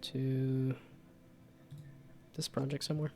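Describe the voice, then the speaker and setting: A man streaming live, talking through his game projects in a loose, rambling way. He often restarts his sentences and pokes fun at his own work. His voice sits at a medium pitch, with faint music playing behind him. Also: level tone, takes it slowly. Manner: rambling, self-deprecating, frequent restarts. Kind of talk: casual live-stream chat.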